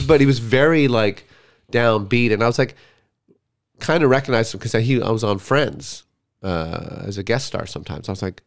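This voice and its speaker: Man, comedian guest, lively pitch, low voice, casual storytelling, acts out quotes. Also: fairly quick, vocal fry. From Canada. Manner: animated storyteller acting out quotes.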